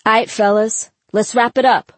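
A woman voicing a middle-aged father who leads a go-go band, calling out loudly and sounding worn out, in an audiobook. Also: medium pitch, a little slow, husky, dry recording. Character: middle-aged male go-go drummer dad, loud, weary.

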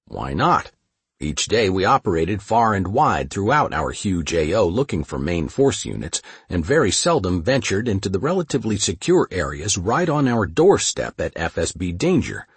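Male narrator, deep husky voice, lively intonation, dry close sound; reads a war memoir plainly. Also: normal speed, no room sound. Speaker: audiobook narrator. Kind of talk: first-person memoir narration.

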